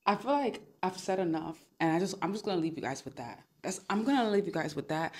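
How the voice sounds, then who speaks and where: A woman's voice: fairly low pitch, animated, fast talker, hardly any pauses, a little mellow. A woman hosting a podcast, talking directly to her listeners in a casual way. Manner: direct, addresses listeners as guys. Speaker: podcast host.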